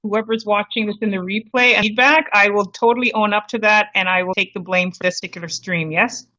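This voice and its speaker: A woman from Canada, a guest on a livestream talk show, chatty and polite and quick to laugh. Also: medium pitch, fairly even intonation, bright, forceful tone. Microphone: video call. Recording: dull lo-fi call audio.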